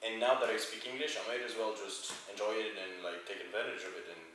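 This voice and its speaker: A man's voice: fairly low pitch, fairly even intonation, fast, a bit bright, a little hiss or hum. A young man from France with a French accent, chatting casually as an interviewee and rambling with lots of fillers. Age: young adult. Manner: rambling, many "like" fillers and restarts. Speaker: interviewee, medical student. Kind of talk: casual conversation. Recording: echoey, distant mic, faint ambience.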